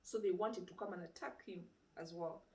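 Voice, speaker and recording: A woman's voice: lowish voice, normal speed, recorded from a distance. A woman giving an informal sermon, retelling a story with rhetorical questions and conversational fillers. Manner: lively retelling with rhetorical questions and frequent "you know". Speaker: preacher. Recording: roomy sound, speaker away from mic.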